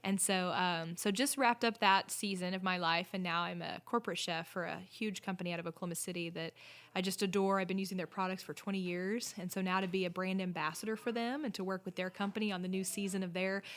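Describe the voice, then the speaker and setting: Speaking fast in a fairly low, steady, slightly bright voice, a middle-aged podcast guest shares her story in an upbeat, chatty way. She is an inn owner and corporate chef, and the conversation is a casual interview.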